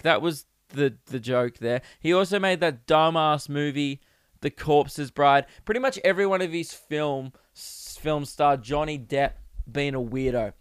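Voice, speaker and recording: Joking young Australian man, crisp voice. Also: on the high side, no room sound, studio quality. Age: 20s. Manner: rambling, jokey and crude, laughs often. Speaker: podcast host. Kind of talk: casual solo podcast chat. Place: home recording setup.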